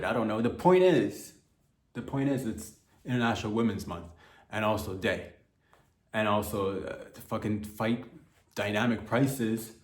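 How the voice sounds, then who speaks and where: Guy rambling on his comedy podcast, swears a lot, mid pitch, echoey room. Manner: jumps between mock voices and loud outbursts, swears freely.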